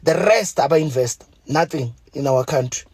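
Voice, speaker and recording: Husky angry South African man. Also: on the high side, moderate pace, a little mellow, no echo. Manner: heated, profane, pleading. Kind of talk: angry direct-to-camera rant.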